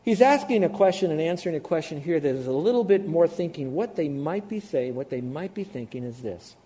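A man preaching a sermon, animated, acting out the voices of doubters. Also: on the high side, fairly quick. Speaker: pastor.

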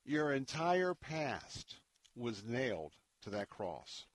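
A man's voice: mid-range voice, sing-song, takes it slowly, no room sound. Earnest preacherly male radio host. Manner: earnest, preacherly, drops to a hush for stories. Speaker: radio talk show host. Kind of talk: Christian radio devotional talk.

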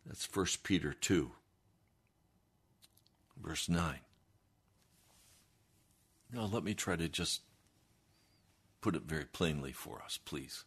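A male pastor delivers an earnest, emphatic sermon at a slow, deliberate pace. His voice is low and husky and sits on the deep side.

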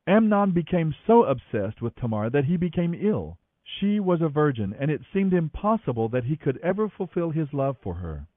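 A man narrates scripture in an animated, expressive reading style. His voice sits a touch high and moves widely in pitch. The sound is thin and phone-like, with a dry, close feel. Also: moderate pace, few pauses, dry recording. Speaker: Bible reader, podcast host. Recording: tinny phone-like audio, dry.

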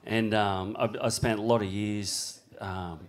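A man's voice: on the low side, measured pace. A middle-aged man, a guest surfer, tells a story in casual chat, swearing often and acting out what people said in a livelier voice. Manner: swears constantly, acts out quotes with rising animated voice. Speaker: guest big-wave surfer.

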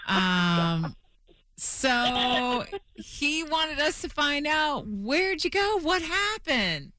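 Lively, teasing female radio co-host. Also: sits high, extremely slow, slight background noise. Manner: playful, teasing, laughs often. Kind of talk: morning radio banter.

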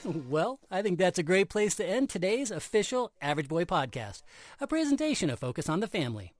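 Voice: medium pitch, very animated, fairly quick, no echo. An adult hosting a scripted Christian kids' podcast, earnest and explanatory, slipping in corny jokes. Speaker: podcast host. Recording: dry close studio sound.

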